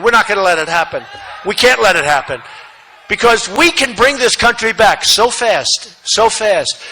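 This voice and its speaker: A man giving a campaign rally speech, repeating phrases for emphasis and swinging between shouting and muttering asides. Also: high voice, rough recording. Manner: repetitive, emphatic, rambling asides. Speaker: political speaker at a rally. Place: large rally venue, no seating.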